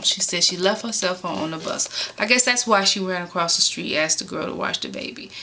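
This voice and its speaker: A woman casually telling a personal story from Chicago, animated and rising sharply in pitch when exasperated. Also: slight background noise.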